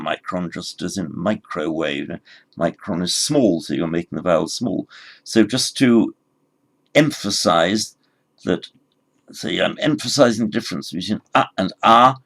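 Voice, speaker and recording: A man teaching a recorded grammar lesson, explaining word forms patiently and spelling them out slowly. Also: low voice, creaky, fairly bright tone. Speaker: language teacher.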